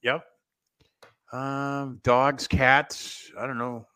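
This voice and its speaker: Bright-voiced man hosting a rambling chat. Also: medium pitch, flat delivery, very slow, clean tone. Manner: rambling, laughing, trails off with fillers. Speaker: podcast host. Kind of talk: casual wrestling chat.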